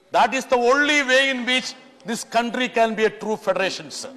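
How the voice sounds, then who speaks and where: Impassioned high-voiced Indian-accented man. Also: fairly quick, few pauses, pushed and bright. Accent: Indian English. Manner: impassioned, keeps pleading "sir", rhetorical lists. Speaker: member of parliament giving a speech. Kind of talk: parliamentary speech. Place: large legislative chamber. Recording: echoey chamber with long reverb.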